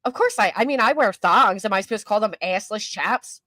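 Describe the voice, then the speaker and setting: A woman's voice: medium pitch, animated, fairly quick, hardly any pauses, sharp tone, dry recording, clean studio sound. An older woman hosting a casual live-stream commentary, chatty and self-mocking, answering her chat as she goes. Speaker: YouTube commentary host.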